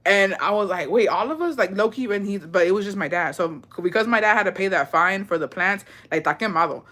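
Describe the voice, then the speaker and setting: Bright-voiced young woman, profane storytelling. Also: mid-range voice, fast talker. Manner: profane, slangy, mixes in Spanish words; animated retelling, laughs often. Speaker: vlogger. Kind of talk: casual storytime.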